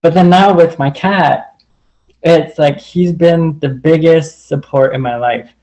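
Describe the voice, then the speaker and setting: A man's voice: on the high side, measured pace, warm tone, rough recording. A man sharing personal stories in a casual, earnest way, rambling and leaning on the filler "like" over and over. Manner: rambling, heavy use of "like" fillers; earnest and open.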